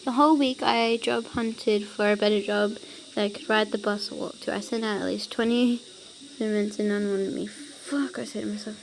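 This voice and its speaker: A woman's voice: mid-range voice, steady tone, normal speed, vocal fry, a little hiss or hum, low-quality recording. A woman casually reading online stories aloud, giggling often and breaking off into chatty asides. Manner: giggly, breaks off to laugh and ramble.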